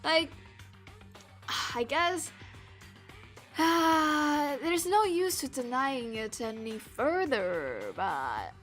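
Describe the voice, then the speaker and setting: A woman streams herself playing a visual novel, rambling playfully and laughing often as she tries out character voices aloud. Her voice is high and fairly bright, with lively intonation, drawn-out words and long pauses. Soft music plays in the background of this casual live-stream commentary and voice practice.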